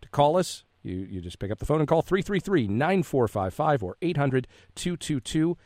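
A man hosting a public radio call-in show, reading listener emails and phone numbers in a measured way. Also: a little high, sing-song, a little mellow, no room sound, clean studio sound. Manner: measured, reads numbers slowly. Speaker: radio host.

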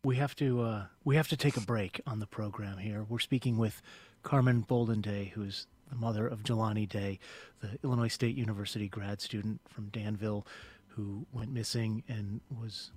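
Radio host guy, kinda low voice, calm formal broadcast talk. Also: breathy edge. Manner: measured, formal broadcast delivery. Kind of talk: radio interview hosting.

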